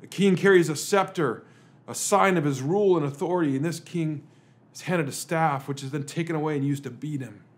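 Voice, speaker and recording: A man's voice: on the high side, fairly quick. Man preaching with dramatic rhetorical questions. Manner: rhetorical questions, swings between emphatic and hushed. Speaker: pastor. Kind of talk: dramatic Good Friday sermon.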